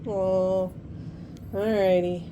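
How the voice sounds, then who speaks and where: Indoors at home, a woman points a handheld camera at her parrot and chats to it casually, teasing and sing-song. She speaks very slowly at a medium pitch that barely moves, over a noisy background.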